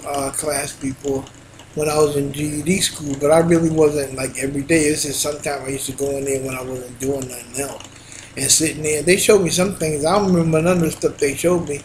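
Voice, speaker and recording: A man, a minister, preaching in a home video, excitable and folksy, breaking into shouts when he quotes scripture. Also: a little high, fairly quick, a little hiss or hum. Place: alone at home. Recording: roomy echo.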